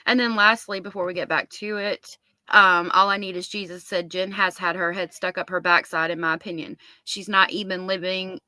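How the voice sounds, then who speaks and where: Bright-voiced woman hosting a livestream. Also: on the low side, fairly even intonation, normal speed, few pauses, no room sound. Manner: reads chat comments aloud and reacts. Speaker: livestream host. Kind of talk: casual livestream chat reading viewer comments.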